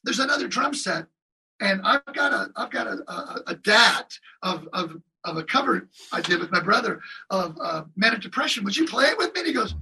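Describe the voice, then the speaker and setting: A man with a high, very husky voice tells animated stories, swooping all over his range. He acts out other people's lines and sings drum beats as he goes. He sounds set back from the mic. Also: moderate pace, distant mic, rough recording. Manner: lively anecdotes with voiced impressions and drum sounds. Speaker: guest drummer. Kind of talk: animated storytelling in an interview.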